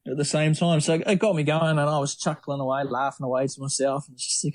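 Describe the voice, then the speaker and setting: A middle-aged man, a guest on an interview podcast, telling lively, rambling stories with many restarts. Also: a little high, fast. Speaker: triathlete guest. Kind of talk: casual storytelling interview.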